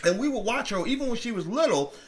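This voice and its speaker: A middle-aged man hosting a commentary livestream, fiery and profane, his speech a little slurred from dental work, swinging from loud outbursts to quiet asides. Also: extremely high pitch, lively intonation, fast. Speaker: commentary channel host.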